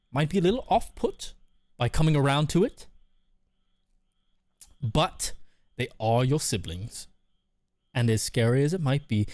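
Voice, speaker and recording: A man's voice: mid-range voice, a little mellow, no echo. Chatty male streamer, dry mic. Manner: reads viewer messages aloud and answers them; loose, chatty, repeats himself. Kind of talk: casual live-stream chat.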